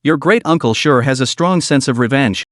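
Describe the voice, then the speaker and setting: A man's voice: medium pitch, normal speed, no room sound, studio quality, lightly acted. A man voicing a cocky, sardonic young man in a storybook reading, offhand and sneering.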